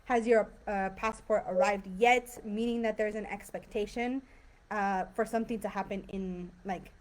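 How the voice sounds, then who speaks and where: A woman teaching an online English grammar class, explaining patiently with lots of fillers and frequent "right?" checks. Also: mid-range voice. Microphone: video call.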